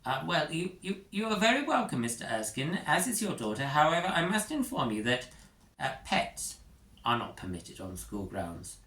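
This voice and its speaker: A man's voice: fairly high pitch, very animated, moderate pace, bright, forceful tone, pitched above the performer's own voice, exaggerated voice. A man voicing a flustered, fussy male school official who stammers in formal phrases. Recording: echoey room.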